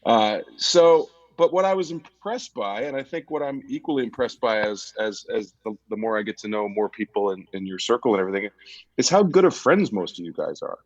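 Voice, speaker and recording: Low-voiced, chatty host, slightly dull sound. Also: male voice, animated, fairly quick, dry recording. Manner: rambling, chatty questions. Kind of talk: casual chat.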